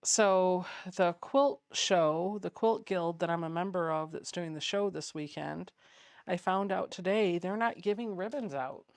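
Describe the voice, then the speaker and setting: A woman's voice: on the low side, measured pace, dry recording. Woman doing a sewing live stream, chatting and reading comments, dry close sound. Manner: chatty, reads out viewer comments, hums little sound effects while working. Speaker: quilting channel host. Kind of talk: casual livestream chat while sewing.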